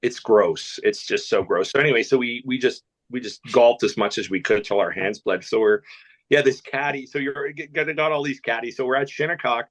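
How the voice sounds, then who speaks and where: A man's voice: medium pitch, a little fast. A Canadian man telling rambling anecdotes on a podcast, with many restarts and laughs. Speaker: podcast guest. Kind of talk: casual storytelling chat.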